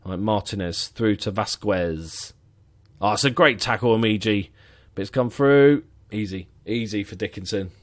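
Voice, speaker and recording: A man's voice: on the low side, moderate pace. A man giving sarcastic, muttering commentary while playing a football management game. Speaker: gaming commentator.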